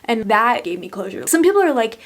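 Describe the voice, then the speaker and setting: A woman's voice: a little high, very animated, fairly quick. A young adult woman vlogger telling a personal story in a candid, profane, emotional way. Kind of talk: storytime vlog.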